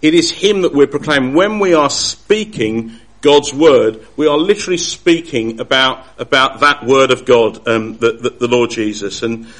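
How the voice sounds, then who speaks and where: A man giving a Bible study talk, earnest and halting, often restarting his sentences. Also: mid-range voice, a bit bright. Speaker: Bible teacher.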